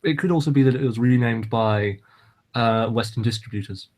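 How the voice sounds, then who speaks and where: A man's voice: mid-range voice, moderate pace, a little mellow. A man co-hosting a casual podcast chat, teasing his co-host in a dry way.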